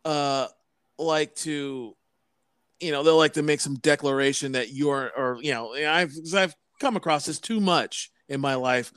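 Smooth-voiced man ranting bluntly. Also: fairly high pitch, a little slow, a bit bright, no echo, clean studio sound. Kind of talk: casual podcast chat.

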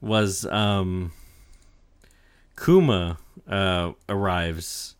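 A young podcast co-host casually recaps an anime arc, rambling and swearing, with plenty of fillers and lines quoted in different voices. His low voice is clean in tone, with fairly even intonation, and he speaks extremely slowly.

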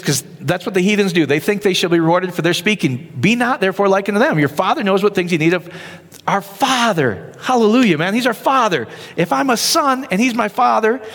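Lively male pastor with a high, swooping voice, peppers his sermon with questions, reverb from a big hall. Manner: animated, asks the crowd rhetorical questions.

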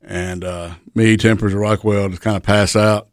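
A wrestler spins crude road stories in a fairly low voice. He swears freely and breaks into laughter mid-story. The sound is dry and close. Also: flat delivery, normal speed, no room sound. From Chattanooga area, Tennessee. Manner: profane, laughs through his stories. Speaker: professional wrestler guest. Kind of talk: casual podcast storytelling.

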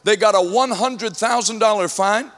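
A man preaching a sermon to a congregation, telling humorous stories and at times rising to shouts. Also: high voice, moderate pace, soft background music. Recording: long hall reverb.

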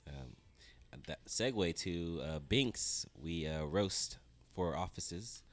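A man's voice: deep voice, animated, slow pace. A man chatting casually as a guest on a podcast, hesitant and full of fillers while he plays a game. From America. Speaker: guest, coffee business owner.

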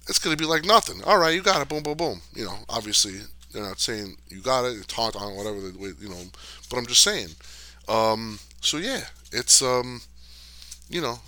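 With a mid-range, sharp voice, this middle-aged podcast host rambles casually through viewer questions. His answers are loose and streetwise, packed with fillers and curses.

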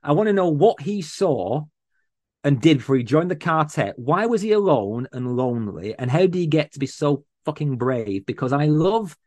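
A man's voice: on the high side, very animated, normal speed, a little mellow, dry recording. Earnest, passionate man talking books. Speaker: podcast guest. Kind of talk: casual chat.

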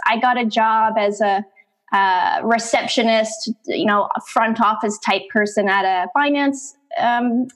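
A middle-aged woman, an interview guest, telling her life story in conversation, animated and acting out bits of past dialogue. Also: on the high side.

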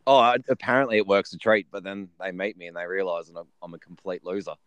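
An Australian man chatting as a guest in a relaxed, easygoing and self-deprecating way. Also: deep voice, fast talker, clean tone, no room sound. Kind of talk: casual chat.

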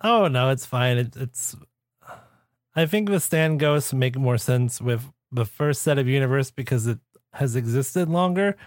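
A playful man co-hosting a casual podcast, quick to laugh and toss in jokes. His voice sits at an ordinary pitch and comes through a dry, close mic with almost no room sound. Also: lively intonation, no echo. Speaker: podcast co-host.

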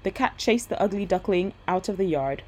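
A woman reading a bedtime story aloud in a gentle, steady voice. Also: medium pitch, a little fast, slight background noise, rough recording.

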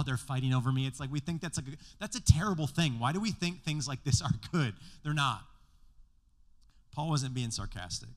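A man's voice: mid-range voice, fairly bright tone. A man preaching a sermon as pastor to a congregation in a church room, in a casual, joking way with slang.

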